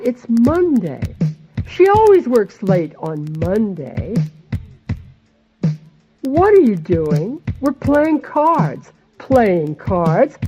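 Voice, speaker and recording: A woman chanting rhythmic grammar lines for an English lesson in a bouncy, sing-song way. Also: on the high side. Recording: lo-fi audio with faint music.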